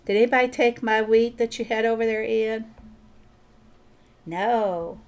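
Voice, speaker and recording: A woman's voice: a little high, steady tone, a little slow. A woman chatting casually while she plays a farming game on stream, thinking aloud and answering viewers. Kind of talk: casual gameplay commentary.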